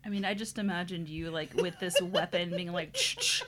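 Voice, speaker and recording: A woman's voice: on the low side, steady tone, brisk, a little hiss or hum. A married woman co-hosting a casual podcast chat, joking and chatty. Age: adult, married. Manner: chatty, jokey, puts on silly voices. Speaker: podcast co-host.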